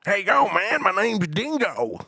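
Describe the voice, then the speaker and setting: An Australian man voicing a brash, bossy man outside a juke joint, loud and insistent. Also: high-pitched, wildly swooping pitch, moderate pace, husky, dry recording, studio quality, pitched above the performer's own voice, exaggerated voice. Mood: pushy.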